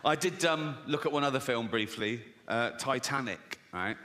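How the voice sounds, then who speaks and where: A man's voice: medium pitch, animated, normal speed, a crowd in the background, noisy background. A man doing crude, sardonic stand-up comedy on a live stage, often breaking into laughter. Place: live stage before an audience.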